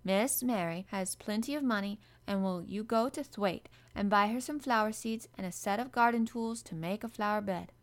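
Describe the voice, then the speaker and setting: A woman's voice: mid-range voice, moderate pace, few pauses, lightly acted. A woman voicing a blunt, cheerful young housemaid with a broad Yorkshire accent, talking in hearty dialect.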